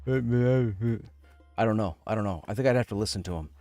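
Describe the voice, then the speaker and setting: A man's voice: on the low side, moderate pace, warm tone, no room sound, soft background music. A man streaming a game, chatting casually in a rambling, self-mocking way with a sore throat. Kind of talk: casual livestream chat.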